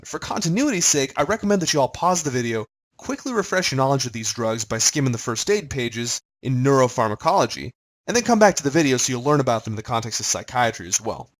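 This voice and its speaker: A man's voice: medium pitch, low-quality recording. A man giving a recorded pharmacology lecture in a conversational way, quizzing his listeners as he goes.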